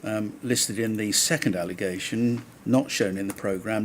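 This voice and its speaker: A man, counsel at a public inquiry, cross-examining a witness in a measured, probing way. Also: lowish voice, slight background noise. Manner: measured, probing, pressing follow-up questions. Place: public inquiry hearing room.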